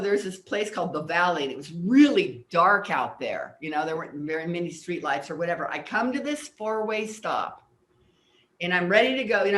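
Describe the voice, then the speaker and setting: Speaking on the low side with a slightly bright tone, this older woman is a guest on an interview show. A personal development teacher, she earnestly lays out ideas and recounts personal stories, at times repeating words while recalling. There's a roomy echo.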